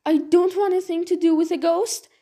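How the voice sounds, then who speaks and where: A woman voicing a hot-tempered young male poacher, indignant and quick. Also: very high-pitched, steady tone, warm tone, voice pushed up.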